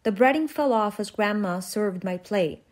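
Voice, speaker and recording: A woman reading a short story aloud in an even, measured way, with small restarts. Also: mid-range voice. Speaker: reader.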